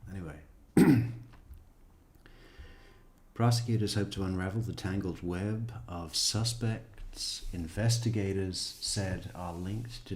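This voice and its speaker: Low-voiced guy reading out crime news w sarcastic little asides, roomy echo. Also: darkish tone. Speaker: true crime commentator. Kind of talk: reading news aloud with commentary.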